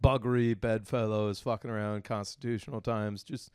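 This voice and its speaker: A man's voice: lowish voice, fairly even intonation, normal speed, a little mellow, smooth, no echo, clean studio sound. Laughing, rambling male podcast co-host. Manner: rambling, crude, laughs through his lines. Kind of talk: casual comedic chat.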